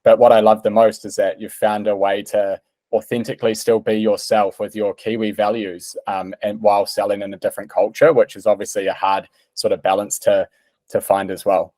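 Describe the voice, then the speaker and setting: A man's voice: fairly low pitch, little pitch movement, brisk, warm tone, no echo. A man hosting an interview, summing up and affirming his guest in a reflective way. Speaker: podcast host, interviewer. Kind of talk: casual interview talk.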